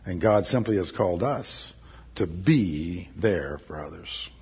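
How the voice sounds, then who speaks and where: Husky-voiced preacher, emphatic. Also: male voice, sits low, animated, a little slow, a little mellow. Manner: emphatic, repeats key phrases. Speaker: pastor. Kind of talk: sermon.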